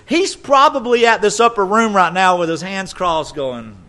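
A man's voice: high voice, animated, unhurried, fairly bright tone. A male pastor preaching a sermon emphatically, repeating phrases and stopping to correct his own words. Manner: emphatic, repetitive, self-correcting.

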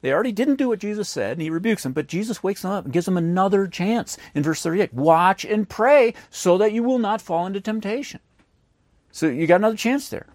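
A man's voice: sits high, no echo, studio quality. A man preaching a sermon who acts out the voices of the people in his stories. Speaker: pastor.

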